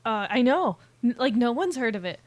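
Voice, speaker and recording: Relaxed young woman chatting about films. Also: fairly high pitch, no room sound. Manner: relaxed, fills pauses with "um" and short agreeing sounds. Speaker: podcast co-host. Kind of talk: casual chat about movies.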